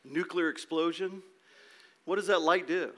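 Bright-voiced male pastor preaching. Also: a little high, fairly even intonation, unhurried. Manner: emphatic, asks rhetorical questions, repeats words. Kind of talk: sermon.

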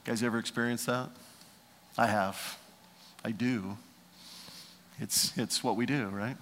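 Pastor preaching with bright, forceful voice. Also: male voice, medium pitch, fairly even intonation, unhurried, pauses often, in a large hall, slight background noise. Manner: swings between loud preaching and hushed asides. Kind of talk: sermon. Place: church.

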